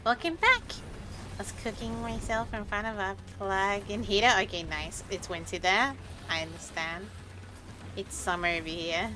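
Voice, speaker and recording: A woman's voice: medium pitch, normal speed, noisy background. A woman streamer chatting casually and swearing freely while she plays a game.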